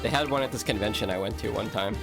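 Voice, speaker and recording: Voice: medium pitch, quick pace, vocal fry. A streamer giving casual gameplay commentary, chatty with rambling asides and laughing at the game. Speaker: streamer playing a video game. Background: game music.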